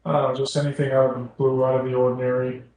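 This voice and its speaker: Mellow man in a very echoey room. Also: medium pitch, monotone, racing. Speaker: player. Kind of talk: tabletop role-play.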